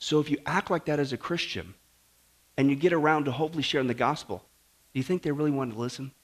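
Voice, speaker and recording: A man preaching an exhorting sermon to a congregation, swinging from loud appeals to low asides. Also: quick pace. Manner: animated, exhorting.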